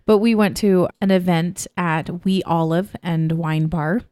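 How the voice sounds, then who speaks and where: Chatty woman podcast co-host, low voice. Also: fairly even intonation, a little slow, warm tone, clean tone, dry recording. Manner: chatty storyteller, acts out quotes. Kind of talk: casual chat.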